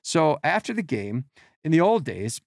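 A middle-aged man, a podcast guest, telling animated behind-the-scenes stories and acting out quotes and sounds. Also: fairly high pitch, a little slow, gravelly, no room sound, studio quality. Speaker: podcast guest, team equipment worker. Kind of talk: casual storytelling.

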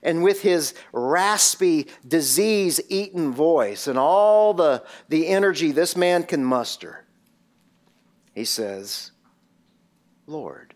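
A man's voice: a little high, lively intonation, slow, hardly any pauses. A man preaching a sermon and retelling a scene vividly, with many rhetorical questions. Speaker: pastor.

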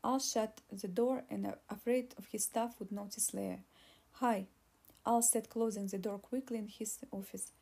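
A woman's voice: medium pitch, fairly even intonation, normal speed, creaky, few pauses, dark tone, slightly rough. A woman narrating an audiobook, with frequent restarts.

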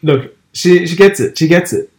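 A man's voice: high-pitched, moderate pace, a little mellow. A young man co-hosting a podcast in casual chat, teasing his co-host and repeating his points.

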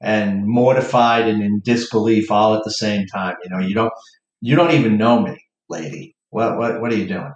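A man's voice: on the low side, moderate pace, echoey room, dull audio. A man with a Boston accent, telling a wry story in casual chat and lifting his voice when quoting people. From Boston area.

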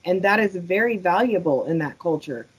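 Female cohost, slightly husky voice, earnest, conversational. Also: on the low side, animated, moderate pace, rough recording. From United States. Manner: earnest, thoughtful, frequent agreeing replies. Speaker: podcast cohost. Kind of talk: casual recap chat.

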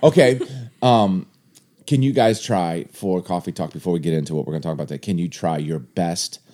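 A man's voice: low-pitched, brisk, mellow. A young American man hosting a casual chat show, rambling and teasing his guests, laughing often. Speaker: podcast host.

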